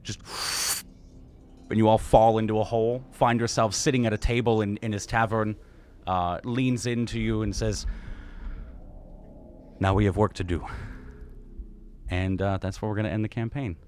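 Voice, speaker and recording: A young man in casual chat as dungeon master, narrating a tabletop game in a halting, laid-back way with many fillers. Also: on the low side, fairly even intonation, slight background noise.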